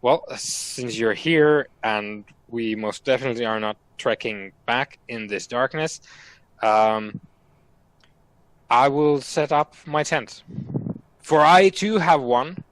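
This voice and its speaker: A man's voice: mid-range voice, slow, a bit bright, no echo, poor audio. Brief: man voicing a stiff, courtly adventurer, old-fashioned formal speech. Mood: stiffly polite.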